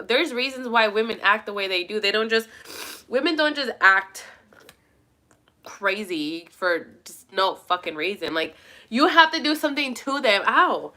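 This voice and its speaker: A young woman vlogger, speaking at her mother's home, chats casually with her viewers in a medium-pitched voice that sounds pushed and bright. She's rambling and emphatic, and she swears a lot.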